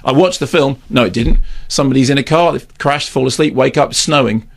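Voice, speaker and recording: A man's voice: mid-range voice, a little fast, vocal fry. A man reviewing a film in casual radio chat, rambling and sardonic, repeating words for comic effect. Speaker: film critic.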